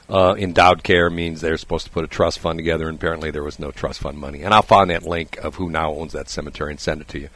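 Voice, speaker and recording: Male radio host, slightly hoarse, lowish voice, dry studio sound, lively storytelling. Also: no echo. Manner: animated storyteller, laughs often. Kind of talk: casual radio banter. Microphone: studio microphone.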